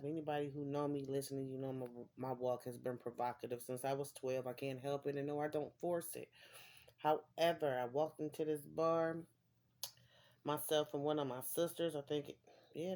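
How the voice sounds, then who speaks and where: A woman's voice: low-pitched, warm tone. A woman giving a casual tarot reading to her viewers, rambling and repeating phrases for emphasis. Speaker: tarot reader.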